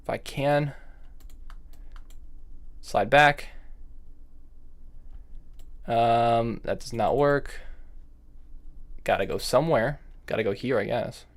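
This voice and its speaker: A man's voice: medium pitch, takes it slowly, pauses often. A man streaming his own chess game, thinking aloud move by move in half-finished phrases, with bursts of nervous fretting and self-scolding. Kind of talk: live-streamed commentary while playing online chess.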